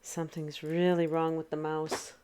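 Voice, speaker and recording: Woman game streamer, slightly low voice, grumbly muttering, echoey room with faint hiss. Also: little pitch movement, moderate pace, darkish tone. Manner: grumbling, exasperated muttering to herself. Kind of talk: casual live-stream talk.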